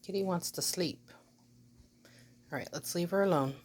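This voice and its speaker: A woman's voice: lowish voice, normal speed, long pauses, a little mellow, a little hiss or hum. A woman filming her dog and cat at home on a rainy day, chatting casually and using a soothing pet voice with the dog. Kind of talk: casual home video narration.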